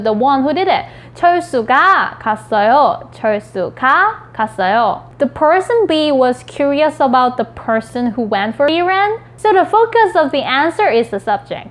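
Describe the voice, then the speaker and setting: Quick, high-voiced Korean teacher woman. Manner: repeats example phrases quickly and checks in with "okay?" and "right?". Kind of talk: explaining grammar with spoken example sentences.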